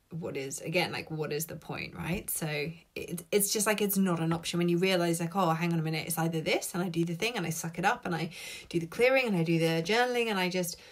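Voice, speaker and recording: Woman, live stream host, casual chat, lowish voice, swears a lot, chatty. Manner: chatty, swears freely, reads out viewer comments. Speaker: host of live tapping session. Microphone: laptop.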